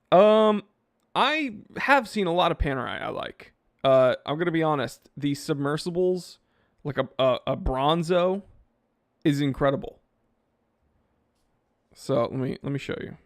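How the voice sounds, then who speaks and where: Offhand man with a fairly high voice. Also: animated, a little slow, pauses often, dry recording, studio quality. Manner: rambling, offhand, reads comments aloud. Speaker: watch channel host reading live chat. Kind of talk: casual live stream chat.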